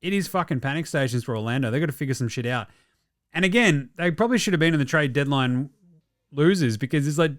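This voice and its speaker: A man, hosting a casual basketball show and ranting about games and trades with plenty of swearing. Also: fairly high pitch. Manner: fast, sweary, excitable ranting. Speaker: host. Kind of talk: casual sports commentary.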